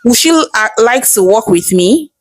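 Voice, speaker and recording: A woman's voice: fairly high pitch, animated, a little slow, dry recording. A woman with a Nigerian accent voicing a composed, wealthy wife who speaks in a cool, commanding way.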